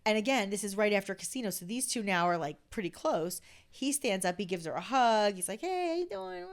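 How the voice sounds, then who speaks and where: Lively storytelling woman in her fifties. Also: medium pitch, fairly quick. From New Jersey, USA. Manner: animated, acts out quotes, many fillers of "like". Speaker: podcast guest. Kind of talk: casual anecdote storytelling.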